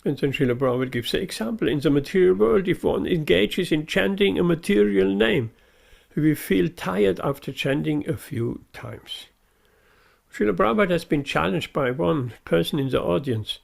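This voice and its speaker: A man's voice: high voice, expressive, normal speed, gravelly. A man giving a devotional sermon, earnest and emphatic, repeating his key phrases. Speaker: preacher.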